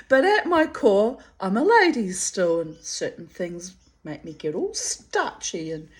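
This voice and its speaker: Fond, reminiscent woman reading her memoir. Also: fairly low pitch. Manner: fond, reminiscent, digressive asides and laughter. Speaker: memoir reader.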